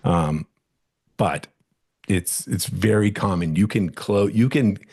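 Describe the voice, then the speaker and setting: A man's voice: on the low side, slow pace, a little mellow, slightly rough. A middle-aged man who is a real estate agent, teaching a webinar in a casual, rambling way with many restarts and fillers.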